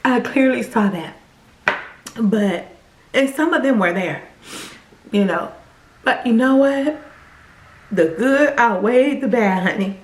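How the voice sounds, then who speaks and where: Animated woman vlogger in an echoey room. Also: a little high, slow pace, pauses often. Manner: animated, addresses viewers directly. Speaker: vlogger telling her own story. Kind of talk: casual storytelling to viewers.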